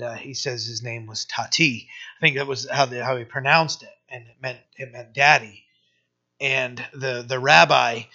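A man preaching a sermon, telling a story in a halting way with many restarts, then growing emphatic. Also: mid-range voice, sharp tone. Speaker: pastor. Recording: dull lo-fi sermon recording.

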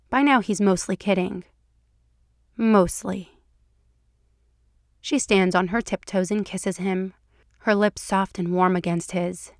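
A woman reading fan fiction aloud for a podcast, telling the story in an even, measured way. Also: medium pitch, dry recording, studio quality. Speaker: podcast reader.

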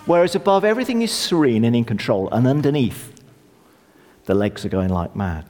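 Man preaching a sermon, middle-aged, animated up-and-down delivery, chatty humour, long church reverb. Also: medium pitch, fairly quick. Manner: lively, conversational, self-deprecating humour. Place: church hall.

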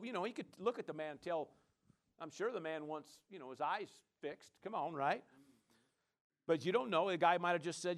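A man's voice: high-pitched, normal speed. Preaching man punctuating with amens. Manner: call-and-response preaching with frequent amens; casual, conversational delivery with many fillers. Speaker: pastor. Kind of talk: sermon.

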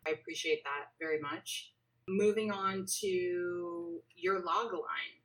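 A woman hosting a casual podcast interview over a remote call, chatty and animated with lots of fillers. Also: on the low side, slow, distant mic, poor audio. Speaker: podcast host.

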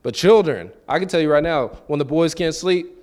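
A man's voice: a little high, expressive, a little fast, darkish tone. Man preaching a conversational sermon. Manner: conversational, repeats words and acts out quoted voices; asks the listeners questions.

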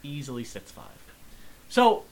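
A man's voice: a little high, big pitch swings, measured pace. A man co-hosting a podcast, telling stories in casual chat, laughing often, with lots of fillers and restarts. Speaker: podcast co-host. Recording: faint background noise, homemade podcast.

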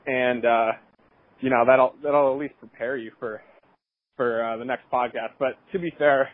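A man's voice: medium pitch, fairly even intonation, normal speed, no echo, phone-quality sound. A man co-hosting a casual podcast, talking in a laid-back, hesitant way while walking home on a headphone mic. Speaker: podcast co-host.

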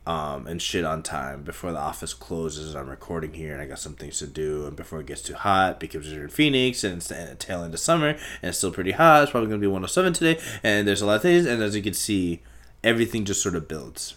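Man, young adult, solo podcast host, rambling, swearing, talks in circles, bright tense tone. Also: low voice, brisk. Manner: rambling, profane, talks in circles with sudden loud shouts. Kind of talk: casual solo podcast monologue.

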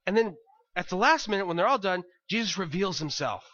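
A man preaching a sermon in a chatty, thinking-aloud way, often doubling his words as he goes. His voice sits high and rings bright. The sound is dry and a bit dull. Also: expressive, brisk, no echo. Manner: conversational, repeats words as he thinks. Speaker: pastor.

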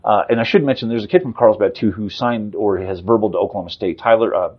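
A man in his fifties talks fast as a sportswriter guest, his lowish voice husky, full of fillers and quick restarts. The recording is dull and lo-fi. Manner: rapid off-the-cuff talk with frequent fillers and restarts. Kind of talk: casual sports interview.

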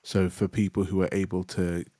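Very deep voiced guy on a podcast, thinking it through, dry sound. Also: little pitch movement, moderate pace, warm tone, no echo. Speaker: podcast co-host. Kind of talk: casual chat.

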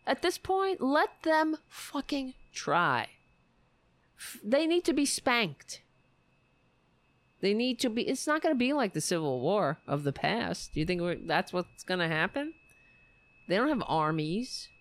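A woman's voice: mid-range voice, sing-song, normal speed, no room sound. A woman hosting a political podcast livestream, talking in a sarcastic, mocking and profane way, rambling and correcting herself as she goes.

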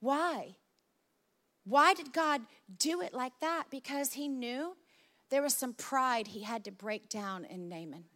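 A woman preaching a sermon, telling stories in a lively, conversational way. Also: high voice, slow pace.

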